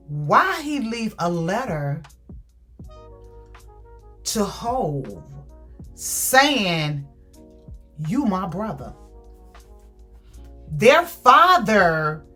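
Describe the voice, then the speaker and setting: A woman giving a casual, animated book review, retelling the story with acted quotes. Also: medium pitch.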